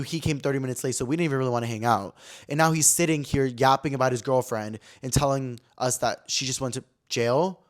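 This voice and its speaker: Fast-talking man spilling a story. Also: medium pitch. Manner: rambling, gossipy, peppered with "like". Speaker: podcast host. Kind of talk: casual storytelling chat.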